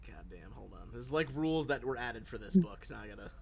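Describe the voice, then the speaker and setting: A man's voice: medium pitch, expressive, fairly quick, creaky. A man running a live-streamed tabletop game as game master, talking loosely with many fillers while thinking aloud.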